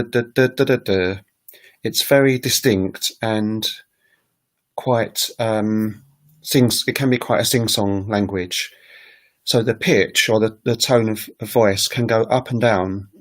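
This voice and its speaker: A man hosting a casual language-learning livestream. He thinks aloud with frequent ums and makes self-deprecating asides. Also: lowish voice. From United Kingdom. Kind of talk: casual solo livestream talk.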